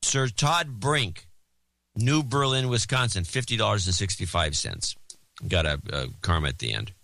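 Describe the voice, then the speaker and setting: A man's voice: lowish voice, expressive, moderate pace, vocal fry, pushed and bright, dry recording. A man co-hosting a podcast, reading out donor names in casual banter and joking as he stumbles over foreign names. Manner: jokey, mangles and repeats foreign names. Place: Oakland, California.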